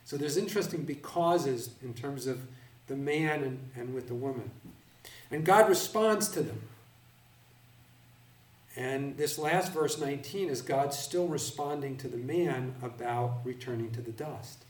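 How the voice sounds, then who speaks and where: Slow, deliberate man teaching Bible class. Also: mid-range voice. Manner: deliberate, explaining word by word. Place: room with a live audience. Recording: roomy, recorded from a distance.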